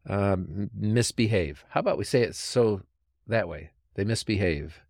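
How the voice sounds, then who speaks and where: A man, a pastor and podcast host, chatting casually and thinking out loud as he tells stories. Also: lowish voice, moderate pace, no echo, clean studio sound. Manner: storytelling, thinks out loud with restarts. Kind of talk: casual theological chat.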